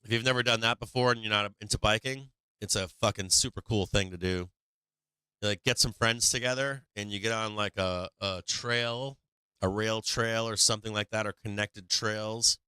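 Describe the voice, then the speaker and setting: Older dude rambling on a market stream, swears a lot, bright crisp voice, dry sound. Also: male voice, fairly low pitch, steady tone, moderate pace, no room sound. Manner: profane, laughing, rambling. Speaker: stock market livestream host. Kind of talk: casual livestream chat.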